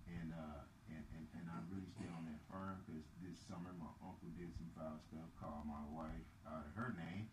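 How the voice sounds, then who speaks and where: Deep-voiced animated man, roomy room. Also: normal speed, hardly any pauses. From Texas. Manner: animated storyteller, profane, loud emphatic rises. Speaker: podcast co-host. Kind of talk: casual chat. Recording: roomy with clear background noise.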